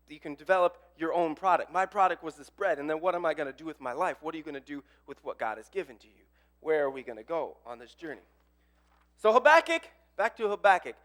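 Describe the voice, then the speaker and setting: A man with a fairly high voice preaches in a chatty, expressive way. He shifts from loud, emphatic bursts down to near-murmurs. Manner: conversational and expressive, with big swings in loudness. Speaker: pastor. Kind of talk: sermon.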